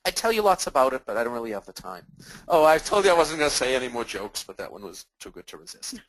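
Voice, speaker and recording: Animated man giving a webinar. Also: medium pitch, quick pace, dry recording, low-quality recording. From Massachusetts. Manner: animated, acts out customer dialogues, self-deprecating jokes. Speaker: webinar presenter. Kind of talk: webinar talk with examples.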